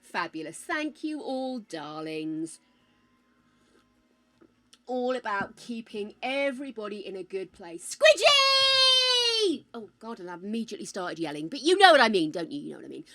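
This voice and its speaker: A woman's voice: mid-range voice, big pitch swings, normal speed, a bit bright. An older British woman streaming a game, chatting casually with her viewers, calling them darling and swearing freely. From United Kingdom. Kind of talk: casual live-stream chat.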